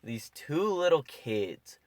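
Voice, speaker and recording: A man's voice: a little high, big pitch swings, takes it slowly, darkish tone, no echo. A young man co-hosting a podcast in casual chat, telling stories in a rambling way full of "like". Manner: rambling, filler-heavy storytelling with many "like"s. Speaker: podcast co-host.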